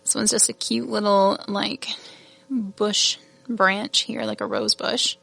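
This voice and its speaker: A woman's voice: mid-range voice, fairly even intonation, slow pace, vocal fry, fairly bright tone, faint music behind. A woman hosting a casual product showcase, chatty and gushing, laughing at her own fumbles. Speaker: shop host showing new beads.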